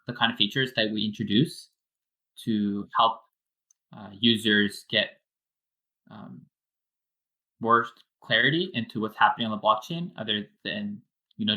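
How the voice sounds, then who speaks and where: A man's voice: on the low side, moderate pace, bright, forceful tone, low-quality recording. A man, a wallet developer, giving a casual technical explanation step by step with many fillers.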